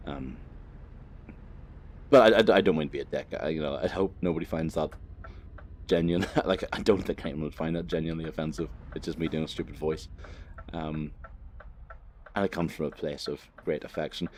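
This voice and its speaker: A man's voice: rumbling low, fairly even intonation, a little fast, darkish tone. A man, chatting loosely and swearing casually as he plays a driving game for his channel. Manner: rambling, laid-back, sweary, lots of fillers. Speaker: gaming vlogger. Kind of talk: casual commentary while playing a driving game.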